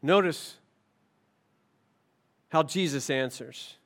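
A man preaching a sermon as pastor, impassioned, swinging from forceful emphasis down to low, quiet stretches. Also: extremely slow. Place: church sanctuary.

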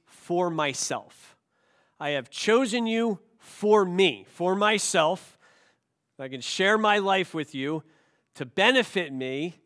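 With a voice on the high side, a male pastor preaches, asking rhetorical questions. He swings between soft, unhurried moments and loud, emphatic outbursts.

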